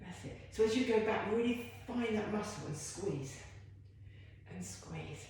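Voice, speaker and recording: A very echoey room carries the medium-pitched, darkish voice of a female fitness instructor, animated yet measured in pace. Leading a home workout, she chats and encourages, often poking fun at herself.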